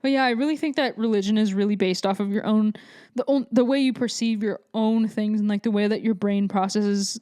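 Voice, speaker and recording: A young woman hosting a podcast, telling a story in a blunt, profane, rambling way with lots of fillers, swinging between quick rants and slow drawn-out asides. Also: mid-range voice, fairly even intonation, mellow, smooth. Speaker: podcast host. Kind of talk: casual monologue.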